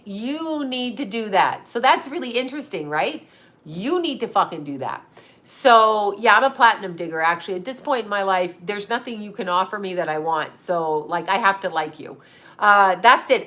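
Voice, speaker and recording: Middle-aged female host, bright edgy tone, blunt, profane, rambling casual talk. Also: mid-range voice. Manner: blunt, swears freely, rambling asides. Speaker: psychic medium channel host. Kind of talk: casual livestream chat.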